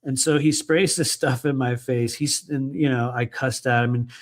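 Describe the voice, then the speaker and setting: A man's voice: medium pitch, fairly even intonation, moderate pace. A man reading aloud from his own book and breaking off into loose, conversational asides, swearing freely. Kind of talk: live book reading with casual commentary.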